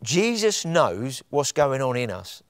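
A man's voice: mid-range voice, sing-song, slow, no echo. Man, preacher, passionate sermon, emphatic peaks, dry close sound.

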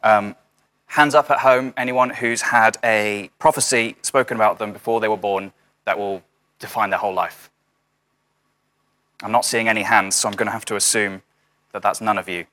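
A man's voice: on the low side, steady tone, normal speed, pauses often, bright, forceful tone. A young man giving an informal sermon over a video call, chatty, with many fillers and dry jokey asides. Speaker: house church speaker.

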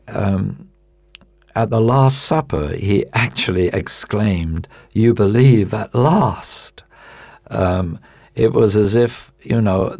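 A man preaching a sermon in a measured, emphatic way, quoting scripture. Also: lowish voice, gravelly, a little mellow, dry recording.

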